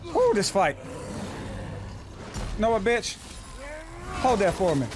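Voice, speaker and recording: A man streaming live gameplay, talking through fights with a lot of swearing and frustrated yelling. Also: high voice, slow, background noise. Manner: excitable, swearing, yells in frustration. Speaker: gaming streamer. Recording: game music behind the voice.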